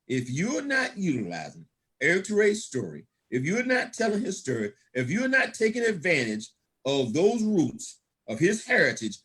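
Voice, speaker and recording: Husky, animated man giving a motivational talk. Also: on the high side. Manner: animated, laughs often, preacher-like praise and call-outs; folksy, speaks to the crowd with "man" and "folks". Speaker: guest speaker at a business opportunity event.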